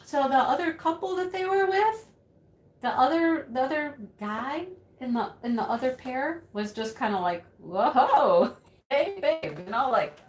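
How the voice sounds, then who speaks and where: Lady telling a story, lively pitch, lots of oh lord, echoey room. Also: normal speed. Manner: animated, laughing, exclaiming. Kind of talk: storytelling chat. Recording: roomy echo.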